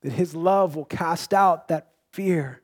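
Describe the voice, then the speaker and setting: A man's voice: fairly high pitch, takes it slowly. A young adult man preaching a sermon, earnest and personal, often restarting with repeated words. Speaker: pastor.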